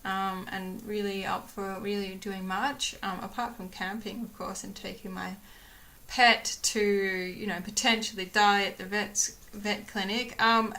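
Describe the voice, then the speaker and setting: A woman's voice: medium pitch, pushed and bright. A young woman chatting casually to her camera at home, rambling with many fillers and acting out what others said. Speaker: vlogger.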